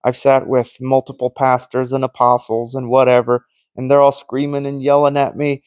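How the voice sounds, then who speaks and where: Earnest preaching man, fairly high voice. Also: normal speed, hardly any pauses, darkish tone, dry recording. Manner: storytelling that acts out quoted conversations; earnest, conversational. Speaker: Christian teacher. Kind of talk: informal preaching monologue.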